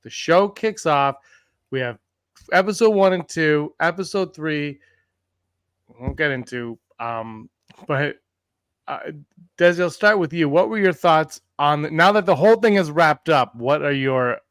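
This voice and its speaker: A man's voice: a little high, lively intonation, a little slow, a bit bright, clear, resonant tone, no echo, studio quality. A man hosting a podcast over a video call, chatting casually, laughing often and restarting his sentences. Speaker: podcast host.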